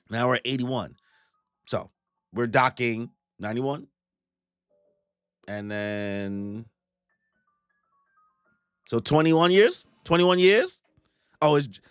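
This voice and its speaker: A man's voice: on the high side, clear, resonant tone, no echo, clean studio sound. A young man doing live reaction commentary on a manga chapter, joking and slangy, acting out the characters as he goes. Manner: joking, animated, slangy, acts out characters in put-on voices.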